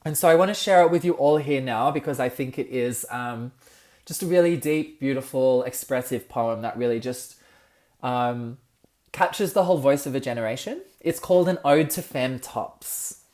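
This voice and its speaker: A young Australian man hosting a solo comedic podcast, campy and expressive, ranting and swearing freely. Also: mid-range voice, normal speed. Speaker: podcast host.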